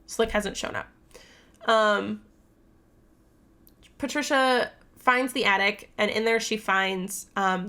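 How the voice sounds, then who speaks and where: A young woman vlogs a casual book recap, rambling and cursing freely. Her mid-pitched voice has a strong gravelly fry. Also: fairly bright tone. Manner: chatty, rambling, profane, many fillers. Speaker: book vlogger.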